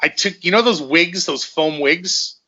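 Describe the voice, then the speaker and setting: A man's voice: fairly high pitch, measured pace, bright, forceful tone, highs cut off. A middle-aged man, a former fighter, telling rambling, profane stories in casual conversation and often repeating himself.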